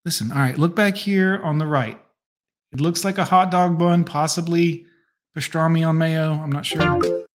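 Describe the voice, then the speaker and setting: A man's voice: on the high side, steady tone, moderate pace. A man hosting a reaction video, making sarcastic, mocking asides in casual, profane commentary.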